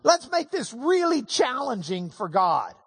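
A man voicing a brash male prophet who mocks his rivals, shouting in a high, taunting voice. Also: big pitch swings, measured pace, creaky, breathy edge, in a large hall, heavily acted. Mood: confident.

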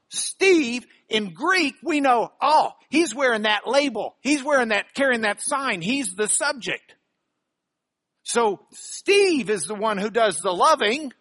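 A man teaches a live audience, his voice bright and forceful. His pitch swings lively as he explains each point step by step, checking in with quick rhetorical questions. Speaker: bible teacher.

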